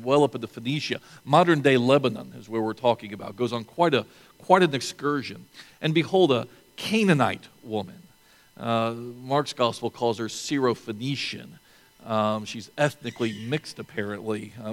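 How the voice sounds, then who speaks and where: A male pastor delivers a sermon in a relaxed, conversational manner, often restarting phrases and adding asides. His voice sits in an ordinary middle register. The sound carries a long reverb, as in a church sanctuary. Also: mid-range voice.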